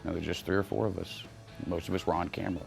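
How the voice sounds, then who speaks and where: Gravelly, deep-voiced wry actor. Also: male voice, flat delivery, rapid-fire, darkish tone, soft background music. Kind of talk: documentary interview.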